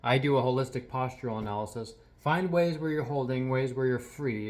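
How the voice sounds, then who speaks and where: A man who works as a healing practitioner, speaking earnestly in a soft reflective monologue with frequent pauses and restarts. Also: medium pitch. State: a little teary.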